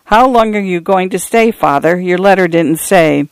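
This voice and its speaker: A man's voice: sits high, moderate pace, clean tone, dry recording. A man reading the part of a grown daughter on a ranch who questions her father in a storybook. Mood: asking. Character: ranch mother, a grown daughter asking gently.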